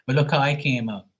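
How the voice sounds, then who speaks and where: A man's voice: mid-range voice, breathy edge. A man hosting a livestream, recounting chat trolls in a profane, mocking, rambling way with frequent laughter. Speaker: livestream host.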